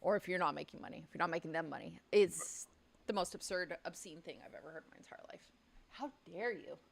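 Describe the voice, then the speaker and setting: Her voice is low and creaky, and she talks fast. This woman hosts a casual livestream from her home studio, chatting and speaking her mind, cursing when something annoys her, while the studio microphone catches the sound of the room.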